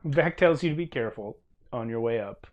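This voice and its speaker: Relaxed man running a tabletop game. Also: mid-range voice, a little fast, muffled recording, a crowd in the background. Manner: relaxed, joking, self-correcting. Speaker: game master.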